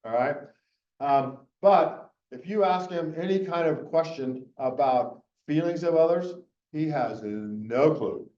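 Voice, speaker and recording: A middle-aged keynote speaker gives a conversational, rambling conference talk full of fillers and restarts. His voice is on the high side with a warm tone and a slow pace, heard through an echoey, muffled recording made from a distance in the room.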